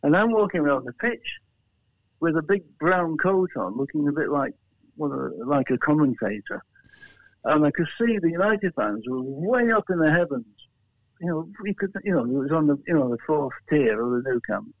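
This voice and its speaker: An English man talks through a tinny phone line, his voice a little higher than most. He rambles through his stories with frequent restarts and chuckles, in easy interview chat. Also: lively intonation, normal speed, no room sound. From England. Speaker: guest, flag maker.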